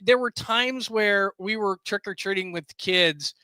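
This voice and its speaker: A middle-aged man, a sports radio broadcaster, telling stories in an animated, casual chat. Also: high-pitched, a little slow, smooth, dry recording. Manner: animated, bursts into shouts when quoting. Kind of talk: casual podcast chat, storytelling.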